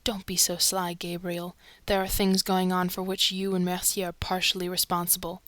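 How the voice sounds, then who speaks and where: Woman reading as an excitable man, indignant, rapid questions, dry close sound. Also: on the low side, no room sound, lightly acted. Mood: agitated. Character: agitated male theater secretary, excitable.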